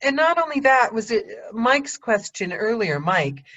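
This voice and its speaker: A woman's voice: fairly high pitch, big pitch swings, fairly bright tone. American woman hosting a chat, bouncy voice, laughs a lot, kinda muffled sound. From United States. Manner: chatty, quick, laughs often. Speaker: podcast host. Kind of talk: casual video-call chat.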